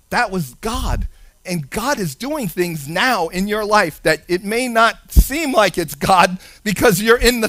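A male preacher delivering a sermon, animated, shifting between hushed and loud with sing-song emphasis. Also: sits high, no room sound.

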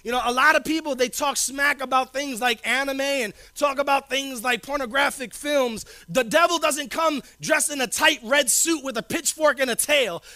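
High-voiced emphatic preaching man. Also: no room sound. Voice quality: informal slangy delivery. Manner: emphatic, repeats key phrases, swings between loud declarations and low asides. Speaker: pastor. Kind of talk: sermon.

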